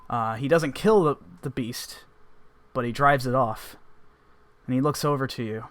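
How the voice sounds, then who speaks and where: A man's voice: medium pitch, measured pace, fairly bright tone. A man running a tabletop game as game master, narrating in a loose, rambling descriptive way.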